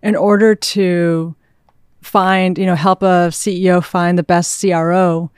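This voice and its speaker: A woman's voice: on the low side, level tone, measured pace, clean tone, no room sound, clean studio sound. A woman guest on a podcast interview, thoughtful and agreeable, answering at length. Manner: thoughtful, agreeable, backchannels often. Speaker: venture capital partner, guest. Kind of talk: casual interview chat.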